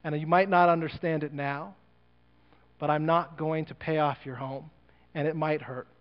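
Man as a firm, gentle father, soft and steady, smooth voice, echoing church hall. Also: fairly high pitch, lightly acted. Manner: quiet, measured and firm. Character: rich older father, calm, loving but firm. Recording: muffled church recording with long reverb.

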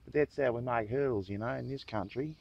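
A man's voice: medium pitch, brisk, vocal fry, a little mellow, dull audio. A man putting on a playful mock Australian accent, rambling with lots of fillers, outdoors in the countryside. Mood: jokey. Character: jokey sunny Australian bloke, chatty and relaxed.

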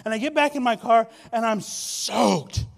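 A man preaching a sermon as pastor, telling stories with repeated phrases and swinging between loud and soft delivery. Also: extremely high pitch, unhurried, gravelly. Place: church sanctuary.

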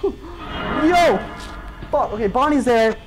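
A woman's voice: medium pitch, sing-song, normal speed, loud music behind the voice, rough recording. A woman giving let's-play commentary on a horror game, panicky, swearing and talking to herself with sudden yelps. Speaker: gamer.

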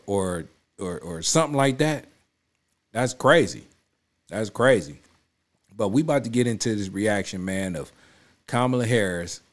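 A man hosting a reaction video talks in a loose, emphatic way, repeating his points and checking in with his audience. His voice sits a little low. He speaks casually, straight to his viewers. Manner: emphatic, repeats himself, keeps saying "you know what I'm saying". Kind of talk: casual spoken commentary.

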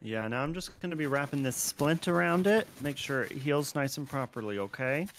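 Gravelly-voiced man joking as a doctor. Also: medium pitch, animated, brisk, slight background noise. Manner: goofy, jokey bedside banter. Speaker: role-played doctor. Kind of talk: GTA role-play.

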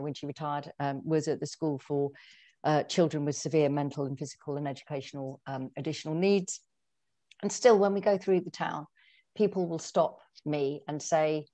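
A middle-aged woman, an author, telling personal stories in a chatty, animated way with lots of fillers and restarts. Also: sits low. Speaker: guest author. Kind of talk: conversational storytelling.

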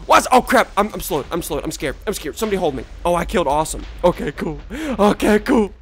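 Male gaming host, stuffy and congested, high-pitched and very animated; yelps and trash-talks through live commentary. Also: a little fast, slight background noise.

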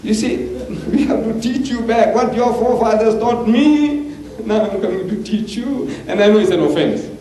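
An older man from Africa, giving an impassioned public lecture and answering questions, with animated, forceful swings of pitch. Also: moderate pace, hardly any pauses. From South Africa. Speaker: preacher and debater. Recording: roomy hall with faint hiss, archival tape.

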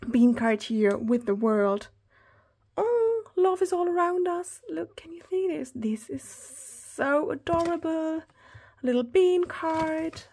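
A woman in her thirties chatting through an unboxing haul, gushing and excitable, often talking straight to her viewers. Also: high-pitched. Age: 30s. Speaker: planner hobby vlogger.

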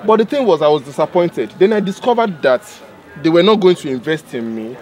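A man's voice: fairly high pitch, lively intonation, brisk, darkish tone. A Nigerian man, a content creator, giving casual motivational advice and repeating his points for emphasis.

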